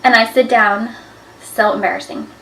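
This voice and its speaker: Young woman, casual storytelling, animated, slightly high voice, off-mic, echoey room. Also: normal speed, distant mic. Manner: chatty, animated, full of "like" fillers. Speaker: vlogger.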